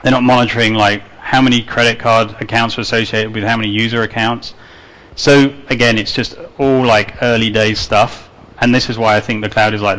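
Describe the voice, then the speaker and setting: A man with a medium-pitched, slightly bright voice gives a conference talk before a live audience, captured in a low-quality recording. He speaks casually, with lots of fillers and restarts, and has a non-native English accent that he refers to as his own.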